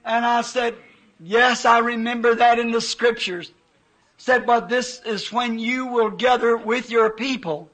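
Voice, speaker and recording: A male preacher delivers a fervent, emotional sermon in a very high, bright voice. He speaks slowly, drawing out his testimony and acting out the quoted voices of his vision. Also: steady tone, rough recording.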